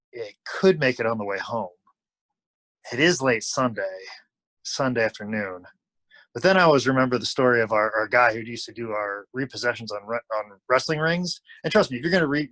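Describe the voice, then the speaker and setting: As an interview guest, a man with a mid-range voice tells a long anecdote in a casual, animated way, acting out the lines of the people he quotes. The recording is dry and low in quality.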